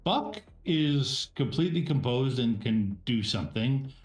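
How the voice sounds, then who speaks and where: Male game master for a live tabletop stream, unhurried and halting, in an echoey room with faint music behind. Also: medium pitch, animated. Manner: halting, many fillers and restarts.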